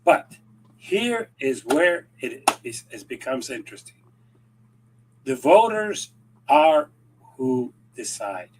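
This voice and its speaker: A man giving rambling, animated political commentary in casual chat, acting out quoted conversations as he goes. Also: mid-range voice, slow pace, long pauses, slight background noise, poor audio. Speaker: regular commentator.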